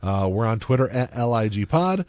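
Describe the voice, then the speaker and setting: A man co-hosting a podcast in a loose, chatty way, his pitch swinging widely as he talks. His phrasing rambles and restarts. The sound is dry and close, with no room around it. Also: sing-song, brisk, a little mellow, dry recording. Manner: rambling, stop-start phrasing. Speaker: podcast co-host. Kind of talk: casual chat.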